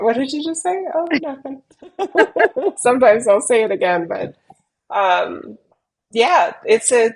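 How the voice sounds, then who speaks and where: A middle-aged woman in casual podcast conversation, playful and quick to laugh. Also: medium pitch, creaky, rough recording. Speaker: podcast guest. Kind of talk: casual chat.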